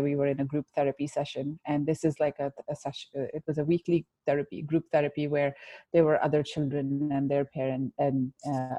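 A woman's voice: low voice, creaky, warm tone, no echo, lo-fi sound. A woman guest telling a personal story in an interview, earnest and reflective, with frequent restarts.

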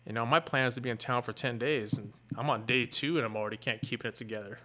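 A middle-aged man who is a fire captain earnestly retells a painful personal story, candid and halting. His voice is medium-pitched with a sharp tone.

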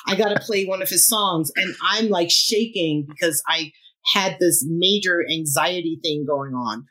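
Her voice is on the low side and her pace measured: a musician in her fifties, guesting on a casual interview and telling a story. Animated throughout, she laughs frequently and voices other people's words.

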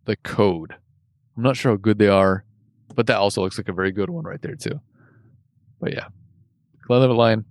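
A man co-hosting a casual whiskey tasting, relaxed and quick to laugh, thinking aloud as he describes the flavors. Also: on the low side, no echo, clean studio sound.

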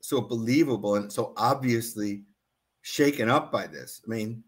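A man's voice: lowish voice, moderate pace. A man, an author, reading from his book and then talking earnestly about it as a guest, with many restarts. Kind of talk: book reading and interview talk.

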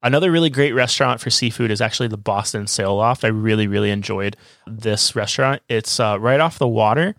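A man's voice: fairly low pitch, fairly quick, a bit bright, dry recording, studio quality. A man co-hosting a casual travel podcast, recommending places to listeners with enthusiasm. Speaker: podcast co-host.

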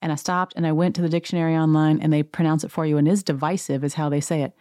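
A woman rants her way through a reality TV recap with a sarcastic, gossipy edge. Her voice sits a bit low for a woman. The sound is close and dry, with no room around it. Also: fairly even intonation, quick pace, mellow, dry recording. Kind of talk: rant-filled casual recap.

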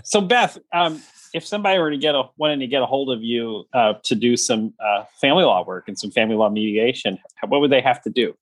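A man's voice: medium pitch, expressive, fast talker, no room sound. Wry man hosting a podcast, dry mic. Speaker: podcast host. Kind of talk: casual podcast chat.

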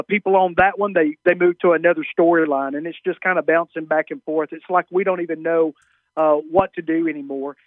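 A man's voice: a little high, dry recording. Southern man on a tinny phone line. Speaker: guest comedian. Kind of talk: radio interview by phone.

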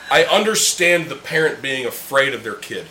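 He's the host of a laid-back podcast, sharing beers with friends in a room and talking in a blunt, heated, heavily profane way. His medium-pitched voice is animated and sharp, moving at a moderate pace. Roomy echo and a faint hum color the recording.

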